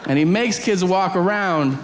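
A man doing stand-up comedy, telling a story and acting out the squeaky voices of the people in it. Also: moderate pace. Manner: animated, acts out squeaky voices of other people. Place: comedy stage before a live audience. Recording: echoey stage with audience noise.

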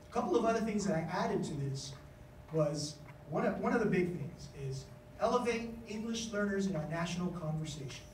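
A man giving a conference speech as an education official, telling stories in a lively way and acting out the voices he quotes. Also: high-pitched, fairly quick, reverberant, distant mic, slight background noise, low-quality recording. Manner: animated storytelling, acts out quoted voices. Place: conference hall.

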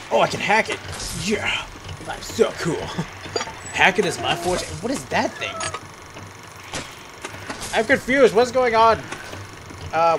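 A man's voice: a little high, background noise. A young man talking to himself while playing a game, rambling, giggling and swearing. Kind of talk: let's play commentary.

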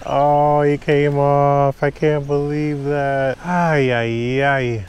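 A man filming his own fishing trip from a kayak in pouring rain, chatting casually to viewers and getting excited whenever a fish bites. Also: a little high, extremely slow, hardly any pauses, a little hiss or hum. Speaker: fishing vlogger. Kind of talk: casual on-the-water commentary. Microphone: camera mounted on the kayak.

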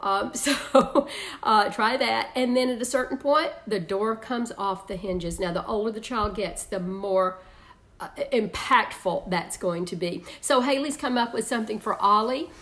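A woman's voice: mid-range voice, measured pace, a bit bright. A woman teaching an online parenting class, chatty, laughing often and reading out viewers' comments.

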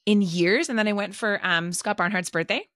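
A woman's voice: medium pitch, normal speed, a bit bright, dry recording, studio quality. A woman chatting casually on a podcast, digressive and full of "like" fillers. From Southern California. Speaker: teacher and podcast regular.

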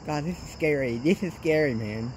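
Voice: medium pitch, normal speed, a little mellow, a little hiss or hum. A ghost-hunting vlogger talks nervously to viewers, repeating phrases over and over, filmed outdoors at night on a camera set on a tripod. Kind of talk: casual vlog narration.

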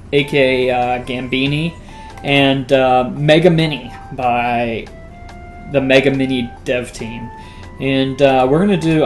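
A man hosting a casual let's play, chatting with lots of fillers and stifled laughs. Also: medium pitch. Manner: chatty, giggly, many fillers and restarts. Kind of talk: casual gameplay commentary. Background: faint music.

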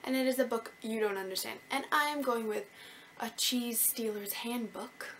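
Young woman from Canada, book vlogger, high-ish voice, bubbly and self-mocking, faint hiss on the recording. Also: normal speed, a bit bright. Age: young adult. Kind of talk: casual chat to camera.

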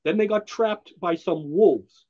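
Brief: man, fairly high husky voice, enthusiastic rambling podcast co-host. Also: measured pace, darkish tone, lo-fi sound. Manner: enthusiastic, rambling, laughs often. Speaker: podcast co-host presenting a comic. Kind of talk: casual comic book chat.

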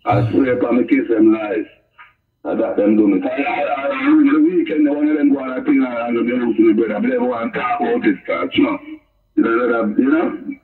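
A man's voice: mid-range voice, huge pitch swings, brisk, distant mic. A man playing a rambling caller on a mock radio call-in show, heard over a tinny phone line. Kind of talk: comedy sketch phone-in.

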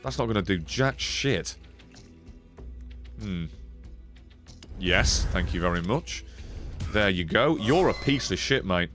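A man's voice: fairly low pitch, takes it slowly, long pauses. A man gives sweary, casual commentary while streaming a card game and chatting to viewers. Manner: sweary, animated, talks to chat. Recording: faint music behind.

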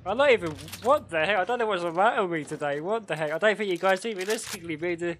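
A man live-streaming a game, giggling constantly and yelping excited exclamations between casual chat. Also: sits high, rapid-fire, slight background noise. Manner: giggly, laughing through his words.

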